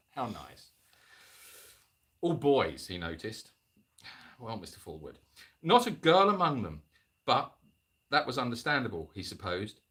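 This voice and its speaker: A man reading a spooky story to a livestream audience, pausing again and again to mock it with dry, jokey asides. His voice is husky yet bright, with a lively, swooping pitch. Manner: jokey, interrupts the reading with sarcastic comments.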